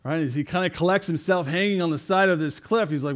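Male pastor, conversational sermon delivery with frequent check-ins, voice a bit high. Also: quick pace, hardly any pauses. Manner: conversational, asks "right?" often, repeats words.

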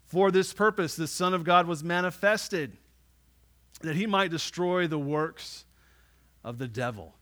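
Guy preaching a sermon, kinda high voice, gets loud then drops real soft, keeps asking the crowd "right?". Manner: emphatic preaching, swinging between loud declarations and soft drawn-out words; asks the congregation "right?" often. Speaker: pastor.

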